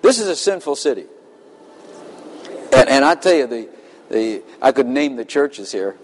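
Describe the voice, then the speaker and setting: A man's voice: medium pitch, big pitch swings, normal speed, a little hiss or hum. A man preaching a sermon, emphatic and impassioned, with dramatic readings of scripture. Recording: long hall reverb.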